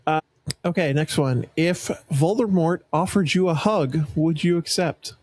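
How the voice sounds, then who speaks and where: A man co-hosting a podcast, casually reading out questions and chatting in a relaxed way. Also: fairly high pitch, unhurried, no echo. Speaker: podcast co-host asking the questions. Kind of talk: casual chat.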